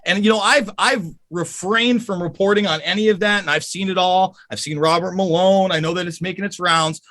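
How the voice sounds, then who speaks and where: A man's voice: high-pitched, fairly even intonation, brisk, pushed and bright. A man as a podcast guest, ranting angrily and profanely in an emphatic, heated way.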